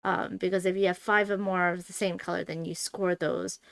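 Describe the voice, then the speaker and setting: A woman hosts a board game stream, chatting casually and thinking aloud as she plays, with plenty of fillers. Her fairly low voice is flat and moderately paced, with vocal fry, on a dry recording.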